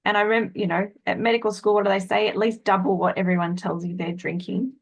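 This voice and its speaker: A woman's voice: mid-range voice, fairly even intonation, quick pace, low-quality recording. Inquisitive woman moderator. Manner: inquisitive, steers with questions. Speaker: webinar moderator. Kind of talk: moderating a panel discussion.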